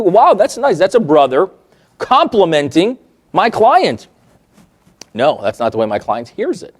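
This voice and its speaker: A man with a slightly high-pitched voice leads a therapy workshop, telling client stories with animation. He acts out what people said and keeps checking in with his listeners. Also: unhurried. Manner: animated, acts out quoted remarks, checks in with the audience. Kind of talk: lively workshop lecture told through client stories.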